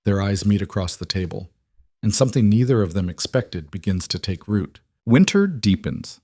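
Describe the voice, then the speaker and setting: A man reading a western story aloud in a dramatic, measured way. His voice is low and sits dry and close to the mic. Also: expressive, darkish tone, no echo. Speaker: narrator. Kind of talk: scripted story narration.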